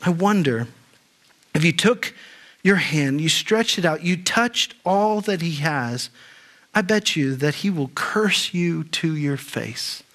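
A man's voice: fairly high pitch, lively intonation, slow pace, fairly bright tone, full character voice. A male preacher voicing Satan as a sly, mocking accuser in a sermon reading. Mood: taunting. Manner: mocking, taunting.

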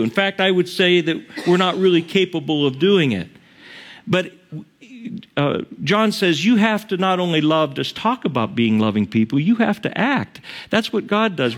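A male pastor preaching in a church. His voice sits a little high for a man and climbs higher when he drives a point home. He drops low and quick when he tells a story, and he keeps asking the congregation questions. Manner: conversational preaching with rhetorical questions and humor; rises high and emphatic on key points, drops low for asides. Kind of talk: sermon.

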